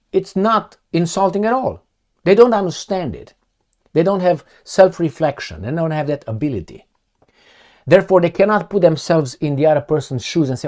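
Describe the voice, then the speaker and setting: In an opinionated monologue addressed right to the viewer, a man offers blunt, sarcastic political takes and swears now and then. His voice is mellow and sits on the high side.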